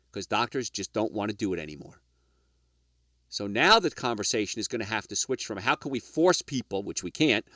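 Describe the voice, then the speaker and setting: A man's voice: on the low side, a bit bright, dry recording, studio quality. A middle-aged or older man hosting a health radio show, lecturing emphatically with rhetorical questions and asides to "folks".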